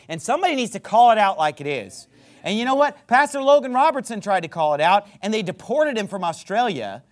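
A male pastor preaching a fiery, impassioned sermon that rises to shouts. He says himself that he is getting worked up. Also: high-pitched.

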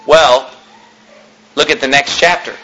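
A man's voice: fairly high pitch, steady tone, unhurried, bright, forceful tone, rough recording. A man preaching a sermon, reading scripture aloud and retelling it casually with lots of fillers.

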